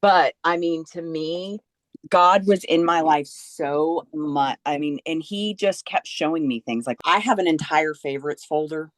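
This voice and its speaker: Low-voiced woman on a video call podcast, telling a story with lots of life, really dry sound. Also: unhurried, no echo. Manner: animated storyteller, acts out quoted voices. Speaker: podcast guest. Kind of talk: casual faith conversation.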